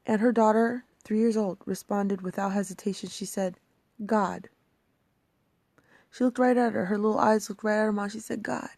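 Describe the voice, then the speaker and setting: Soft-spoken woman with a gravelly edge. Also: medium pitch, steady tone, no room sound. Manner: emotional, halting, drops to near-whispers. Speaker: vlogger. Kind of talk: personal reflective vlog.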